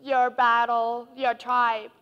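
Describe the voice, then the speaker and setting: A teenage girl playing a gentle young tribeswoman on a church stage, speaking solemnly. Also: a little high, level tone, slow pace, smooth, highs cut off. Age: teens. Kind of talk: live stage acting. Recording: long hall reverb.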